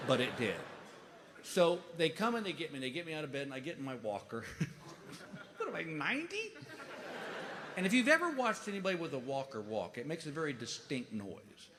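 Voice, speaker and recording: A middle-aged man telling stand-up comedy stories, animated and acting out voices with big outbursts. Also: mid-range voice, fairly quick, in a large hall. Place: comedy stage before a laughing audience. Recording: live show with clear audience noise.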